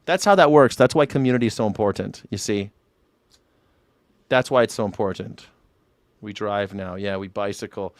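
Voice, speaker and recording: A man's voice: fairly low pitch, fairly even intonation, moderate pace, long pauses, dry recording. A man hosting a casual call-in livestream, rambling and profane, boasting about himself in a joking way. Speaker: livestream host taking callers.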